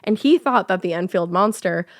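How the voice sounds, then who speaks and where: A woman's voice: fairly low pitch, lively intonation, normal speed, no echo, clean studio sound. A woman co-hosting a podcast, telling a cryptid story casually while laughing and riffing with her co-host. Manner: laughing, reading quotes, riffing.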